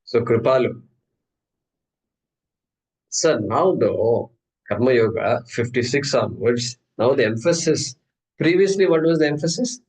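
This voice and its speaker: A man's voice: mid-range voice, expressive, unhurried, long pauses, darkish tone, poor audio. Man teaching a scripture class. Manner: humorous, conversational, asks and answers his own questions. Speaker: Gita teacher.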